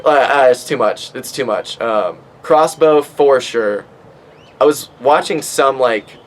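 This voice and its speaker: A man's voice: mid-range voice, low-quality recording. Rambling, swearing young man. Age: 20s. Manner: profane, rambling, with many fillers. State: stoned. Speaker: podcast host. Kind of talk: casual rambling monologue.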